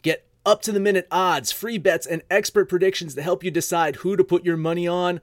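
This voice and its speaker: High-voiced man reading an upbeat ad. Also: fairly even intonation, a little fast, dry recording, clean studio sound. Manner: upbeat, salesy. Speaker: ad reader. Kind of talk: read sponsor ad.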